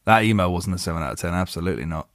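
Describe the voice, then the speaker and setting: A man's voice: sits low, very fast, no room sound. Giggling man reading aloud. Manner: keeps breaking into giggles while reading. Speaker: podcast host. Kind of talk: reading a listener email aloud on a podcast.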